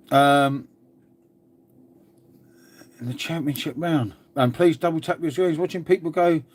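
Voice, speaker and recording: A man's voice: on the high side, darkish tone. An English man chatting casually on a live stream, answering viewer comments in a laid-back way and calling everyone mate.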